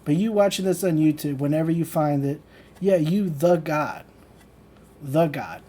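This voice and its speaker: A host ranting casually on a livestream, with a soft, mellow, unpolished sound. The delivery is blunt and profane, padded with "like" and "you know," and the speaker keeps hammering the same point. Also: medium pitch, measured pace. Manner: loose and conversational, full of "like" fillers; laughs between points. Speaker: channel host teaching manifestation.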